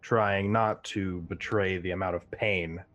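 A man playing in a tabletop game who talks casually and calmly describes what his character does. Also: low voice, measured pace, dull audio, soft background music. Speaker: player.

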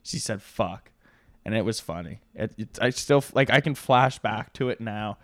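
A man in his twenties co-hosting a podcast, telling profane, joking anecdotes and mimicking people in quick asides. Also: lowish voice, fairly bright tone, no echo. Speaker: podcast co-host. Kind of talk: casual podcast banter.

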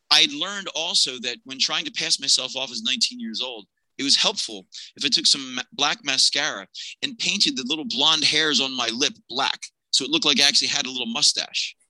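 A man in his fifties from Pennsylvania, telling a personal tale as a podcast guest with lively energy and voicing each person in it himself. His voice is very bright and forward, recorded dry and close. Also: medium pitch, a little fast, no echo, low-quality recording. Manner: animated, acts out the people in his story. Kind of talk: personal storytelling.

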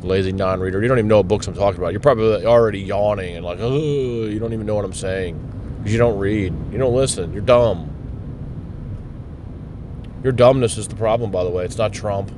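Low-voiced man ranting profanely while driving. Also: a little fast. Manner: profane, blunt, rambling. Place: in a car. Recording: car road noise behind. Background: road rumble.

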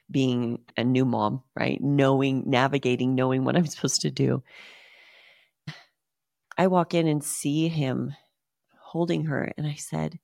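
A woman's voice: deep voice, gravelly, darkish tone, dry recording, clean studio sound. A woman in her thirties from Utah, hosting a podcast and telling a personal story in an earnest, emotional way, often calling her listeners "guys". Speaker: podcast host.

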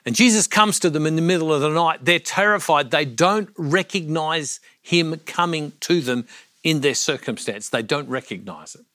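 A man's voice: fairly high pitch, expressive, normal speed, a bit bright, no room sound, clean studio sound. A man preaching a reflection on a Gospel passage, earnest, asking his listeners questions as he goes. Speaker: Catholic speaker.

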